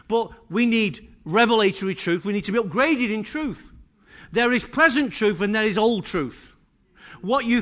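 High-pitched male pastor mid-sermon, emphatic, asks the congregation questions. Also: a bit bright. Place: church service.

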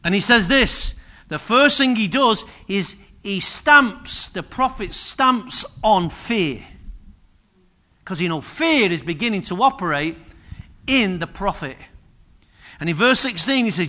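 A man preaching with a high, bright, forceful voice. He swings between quiet asides and loud, emphatic bursts as he acts out scripture. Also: measured pace. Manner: energetic preaching, voices biblical figures with sudden loud rises. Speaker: pastor. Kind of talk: sermon.

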